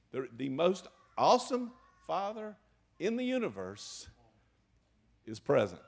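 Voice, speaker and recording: An older man preaching a sermon in earnest, moving between loud emphasis and hushed, emotional asides. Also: medium pitch, gravelly. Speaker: pastor.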